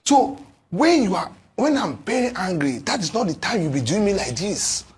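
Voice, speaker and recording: A man's voice: high voice, sing-song, moderate pace, husky. A man with a Nigerian English accent arguing his point as a panel guest, emphatic and always checking if he is understood. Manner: emphatic, keeps asking "do you get me now"; acts out others' speech in quotes. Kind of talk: heated panel discussion.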